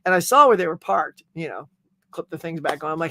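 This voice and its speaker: A middle-aged man hosting a casual livestream chat, telling animated stories and reading out viewer comments. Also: sits high, fairly quick, dry recording. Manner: animated storytelling, acting out quotes. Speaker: livestream host.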